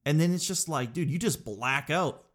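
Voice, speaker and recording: A man in his thirties telling stories in a casual podcast monologue, rambling and animated and often saying "dude". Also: fairly high pitch, normal speed.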